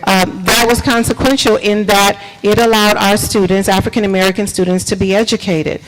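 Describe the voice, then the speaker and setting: At a public board meeting, a school superintendent talks fairly quickly into a table microphone, his medium-pitched voice steady, with background noise present. His announcements are emphatic and repetitive in a preacher-like style, and he quizzes the audience along the way.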